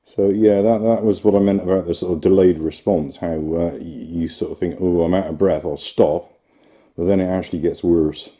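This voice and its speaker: A man's voice: low voice, steady tone, moderate pace, dark tone. A man filming himself, rambling through a casual running commentary with lots of fillers. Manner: rambling, talks to himself and the viewer with fillers and chuckles. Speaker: vlogger. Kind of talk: casual self-filmed commentary.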